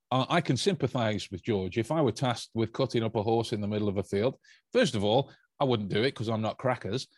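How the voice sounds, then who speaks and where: A man's voice: medium pitch, no room sound, clean studio sound. A man hosting a podcast, telling a story in a casual, joking way with lots of stumbling restarts. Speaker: podcast host. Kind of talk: casual chat.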